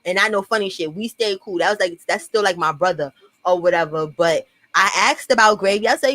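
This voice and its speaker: A young woman with a New York accent telling a profane, animated storytime and acting out what people said. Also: medium pitch, brisk, dry recording. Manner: profane, animated, acts out quotes. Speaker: storyteller vlogger. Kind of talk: casual storytime monologue.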